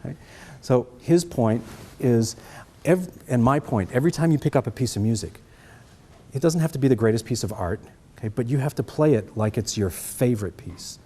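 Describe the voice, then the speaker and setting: A man's voice: mid-range voice, lively intonation, brisk, warm tone, breathy edge. A middle-aged man with a Boston accent giving a trumpet master class, answering students' questions and checking in with "okay?".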